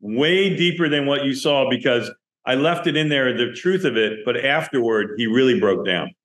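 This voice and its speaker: A man's voice: mid-range voice, normal speed. A man, a film director, telling stories from a film set in an interview, acting out the dialogue as he goes. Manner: animated storyteller, acts out quoted dialogue. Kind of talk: interview storytelling. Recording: roomy echo.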